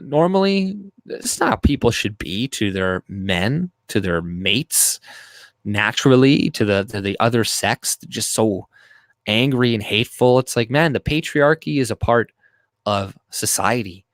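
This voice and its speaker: A man's voice: mid-range voice, no room sound. A man hosting a livestream, reading chat aloud and ranting in a crude, rambling, profane way.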